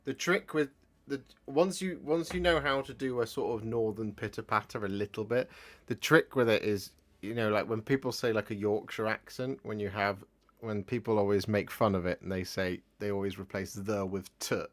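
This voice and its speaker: Chatty low-voiced man with Midlands accent. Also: normal speed. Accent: English Midlands. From English Midlands. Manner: chatty and rambling, warmly thanking viewers. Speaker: live-stream host. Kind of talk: casual live-stream chat.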